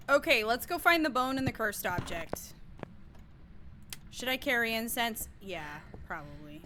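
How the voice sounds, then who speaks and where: A woman's voice: on the high side, animated, normal speed, pushed and bright, soft background music. A young woman streaming a game, chatting casually with her viewers and shrieking and laughing at mishaps. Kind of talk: casual live-stream chat while gaming.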